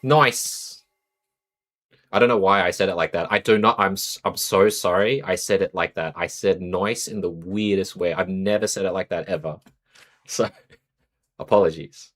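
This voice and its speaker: A man's voice: deep voice, steady tone, normal speed. A young Australian man streaming a card game, chatting casually with viewers and thinking aloud about his moves. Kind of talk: casual live-stream commentary while playing a card game.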